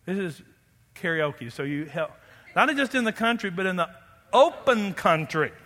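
At moderate pace, a man gives a sermon from the pulpit, his voice very high and bright. The pastor is animated and playful, drawing listeners in with questions, while long reverb fills what sounds like a large church hall.

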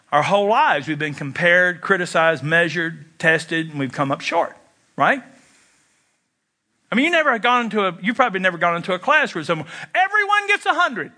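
Animated, high-pitched preaching man. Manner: animated, jokey preaching with sudden pitch jumps and mock voices. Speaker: pastor. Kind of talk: sermon.

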